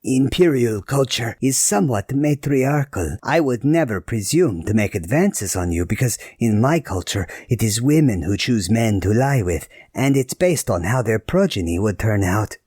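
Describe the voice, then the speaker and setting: A man voicing a formal, earnest young man whose throat is hoarse from coughing. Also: mid-range voice, animated, normal speed, hardly any pauses, a little mellow, no room sound, studio quality.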